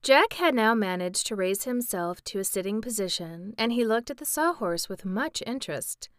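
A woman reading a children's book aloud in a calm, measured way. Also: medium pitch, dry recording, studio quality. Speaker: storyteller.

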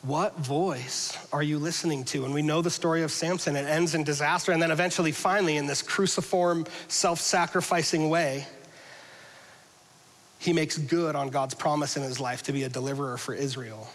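High-voiced man preaching in a hall. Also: fairly even intonation, normal speed. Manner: conversational, jokey preaching, swings from loud to hushed. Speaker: pastor. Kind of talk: sermon. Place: church hall with a congregation.

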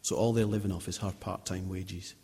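A man's voice: low-pitched, fairly even intonation, a little fast, dark tone, breathy edge. Chatty man preaching in a reverberant church. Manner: chatty, anecdotal, many restarts. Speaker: lay preacher. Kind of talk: informal sermon. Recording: long reverb of a church hall.

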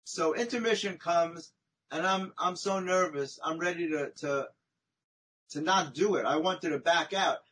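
A man, a podcast guest, telling a long personal story in a chatty, animated way, often tagging his sentences with "right?" and "you know?". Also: a little high, measured pace, low-quality recording. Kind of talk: conversational storytelling.

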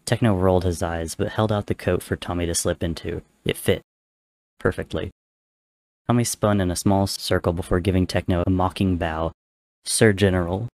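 A man reading a fan-written story aloud, narrating in a steady, measured way. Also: low-pitched, no room sound, clean studio sound.

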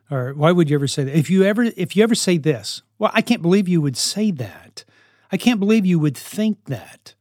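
A man's voice: mid-range voice, darkish tone, no room sound, studio quality. A man who lives with and mentors teenagers gives earnest advice to parents, often repeating himself for emphasis. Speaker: houseparent to high school kids.

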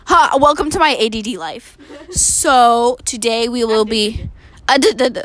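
A teenage girl telling stories in casual chat, animated and swearing freely. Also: high-pitched, takes it slowly.

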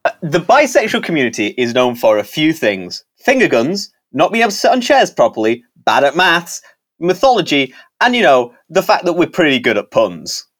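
A man co-hosting a casual banter podcast who rants in an animated way. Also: fairly high pitch, normal speed. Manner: ranting, animated. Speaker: podcast co-host.

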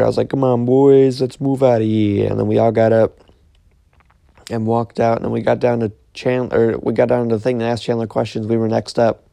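A man's voice: fairly low pitch, gravelly, dark tone, no echo, studio quality. A young man casually retelling a dream, rambling with lots of fillers and restarts. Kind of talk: casual storytelling, recounting a dream.

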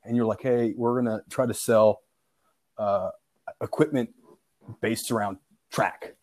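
A young man with a fairly low, unhurried voice tells an old school prank story in casual chat. He's an animated storyteller who laughs often, acts out quotes, and swears freely.

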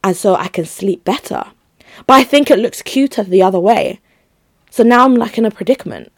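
A woman's voice: medium pitch, lively intonation, fairly quick, no echo. Young woman, solo podcast host, casual rambling chat, giggly, dry close mic. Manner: rambling, chatty, giggly asides.

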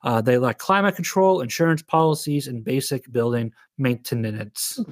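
A man's voice: medium pitch, normal speed, no room sound, clean studio sound. A man hosting a podcast in casual chat, reading out notes, joking, laughing often and swearing. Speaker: podcast host.

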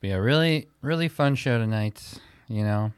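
A man's voice: medium pitch, moderate pace, clear, resonant tone, no echo, clean studio sound. Rambling man in casual podcast chat. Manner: rambling, self-interrupting storyteller. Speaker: podcast co-host.

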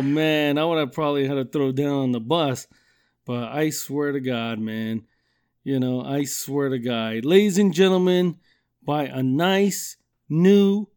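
A middle-aged man with a fairly high voice for a man runs through a comic rant on his podcast. He swears constantly and wanders from story to story in a loose, rambling way. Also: darkish tone. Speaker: podcast host. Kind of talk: comedic rant monologue.

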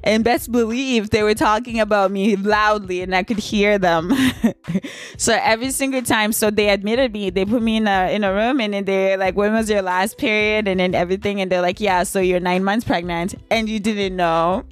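A woman's voice: normal speed, no echo. Laughing young woman telling a story. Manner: animated, laughs often, squeaks high when acting out shock. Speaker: vlogger. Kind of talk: casual storytime.

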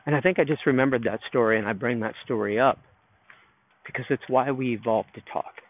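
A man's voice: medium pitch, brisk. A man hosting a podcast, telling a loose, rambling story in a reflective solo monologue from outdoors in a park. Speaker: podcast host. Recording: narrow phone-like sound.

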